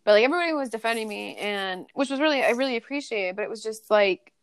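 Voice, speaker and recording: A woman's voice: on the high side, expressive, fast, smooth, no room sound, studio quality. A young adult woman guesting on a podcast, telling a personal story in a candid, profane way, full of "like" and "you know". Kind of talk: casual podcast chat.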